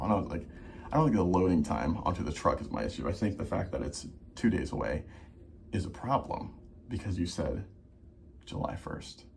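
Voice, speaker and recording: A young man tells a casual storytime in a low-pitched voice, acting out his side and the other side of each phone call. A faint steady hum runs under the recording. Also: brisk, vocal fry. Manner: animated storytelling, acts out both sides of the calls. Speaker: vlogger.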